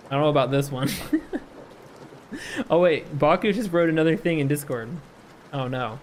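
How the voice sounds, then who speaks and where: A man's voice: on the high side, slight background noise. A man streamer reading chat aloud and laughing often as he talks casually on a live stream.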